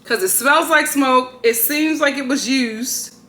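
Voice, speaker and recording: A woman with a high, sharp voice vlogs casually at home, unhurried as she unboxes something. She exclaims and grumbles to her viewers, and the room sounds echoey with faint ambience.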